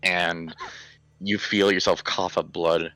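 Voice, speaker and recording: Deep, slow-talking male game master. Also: flat delivery, bright, forceful tone. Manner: slow, deliberate, vivid description. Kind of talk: narrating a horror tabletop game.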